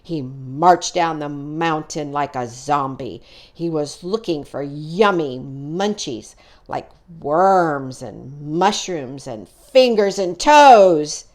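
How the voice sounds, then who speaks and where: A woman voicing a young male moose who tells spooky campfire tales in a storybook reading, with a theatrical, booming delivery. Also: expressive, slow pace, darkish tone.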